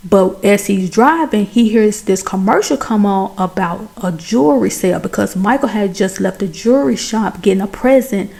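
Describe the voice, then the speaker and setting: A woman retelling a movie plot in a chatty, animated way, talking straight to her viewers. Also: medium pitch, normal speed, vocal fry, few pauses. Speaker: movie recap host. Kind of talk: casual movie recap.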